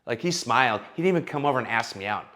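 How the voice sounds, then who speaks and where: A man's voice: medium pitch, expressive, racing, sharp tone. A man mocking a whiny woman who complains online, filler-heavy and full of "like". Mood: indignant.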